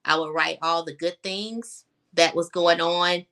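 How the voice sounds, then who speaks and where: A young adult woman speaks as a guest over a video call, steady in tone and unhurried, her low-leaning voice a bit bright. She recounts her personal experiences frankly, with many fillers, and her voice catches at times.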